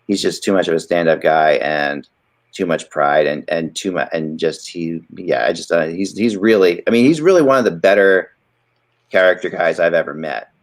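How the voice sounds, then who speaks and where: A man's voice: deep voice, normal speed. A man hosting a casual hockey podcast, talking in rambling, restarting sentences. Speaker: podcast host.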